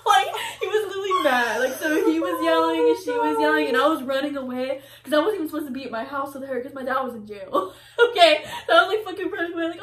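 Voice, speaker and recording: A young woman co-hosting a podcast in casual chat, swearing, laughing, and acting out shouted quotes. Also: high voice, expressive, quick pace, hardly any pauses. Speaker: podcast co-host. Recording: echoey room, mic at a distance.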